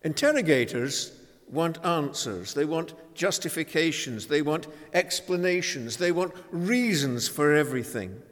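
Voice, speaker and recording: A man delivers a sermon in a slow, deliberate cadence, leaning on key words with weighty pauses. His voice sits a little high for a man. It rings out with a long reverb, as if he speaks in a church sanctuary. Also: animated. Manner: measured, emphatic preaching with dramatic pauses. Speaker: preacher.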